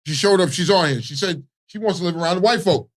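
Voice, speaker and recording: A Baltimore man co-hosts a morning radio show, talking fast in a high voice. He chats casually and profanely, frequently asking "you know what I mean."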